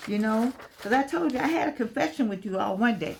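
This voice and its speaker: A woman's voice: fairly high pitch, animated, brisk, gravelly, darkish tone, a little hiss or hum. An older woman talking casually to camera from her home, chatty and repetitive, calling her listeners "baby". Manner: chatty, repeats phrases, calls listeners "baby". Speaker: vlogger.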